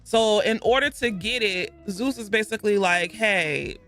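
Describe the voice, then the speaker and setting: Book-club vlogger, chatty and rambling, bright tone, faint music underneath. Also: mid-range voice, moderate pace. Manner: chatty and rambling, with self-corrections and asides. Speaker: book club video host. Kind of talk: casual book recap.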